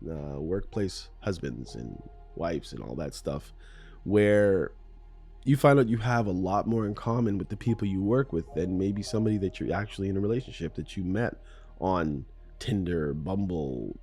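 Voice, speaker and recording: A man hosts a solo podcast in his morning voice, rambling and conversational, now and then poking fun at himself. His voice sits on the low side with a dark, mellow tone. Faint music plays underneath. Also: animated, normal speed, breathy edge. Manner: rambling, conversational, self-deprecating. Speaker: podcast host.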